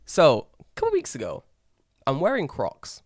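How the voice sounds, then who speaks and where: A young man co-hosting a podcast, rambling through a story and swearing freely. He animates the people he quotes with bursts of pitch, and his voice sits dry and close to the mic. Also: moderate pace, no echo. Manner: rambling, swears a lot, animated when acting out others. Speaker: podcast co-host. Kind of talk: casual storytelling chat.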